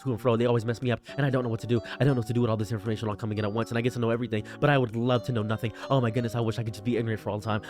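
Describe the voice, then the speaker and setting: A man streamer talking in a rambling stream-of-consciousness monologue, rapid-fire and repetitive, jumping between excited highs and quiet mutters.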